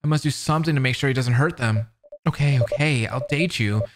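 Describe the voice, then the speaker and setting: A man's voice: medium pitch, brisk. Guy doing a let's play of a spooky visual novel, reads it all out dramatic, jumpy and hyped, slight hiss. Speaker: video game commentator. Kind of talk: let's-play reaction, reading a game aloud.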